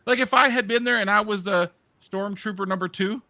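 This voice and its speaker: A man's voice: high voice, fairly quick, bright, forceful tone, no echo. A man co-hosting a casual review chat, laughing and acting out characters' lines as he talks. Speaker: podcast co-host.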